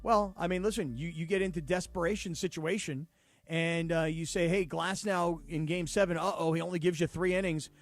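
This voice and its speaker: A man's voice: a little high, fairly even intonation, brisk, dry recording. A man co-hosting a sports radio show, confidently giving his opinions and predictions in casual banter. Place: radio studio.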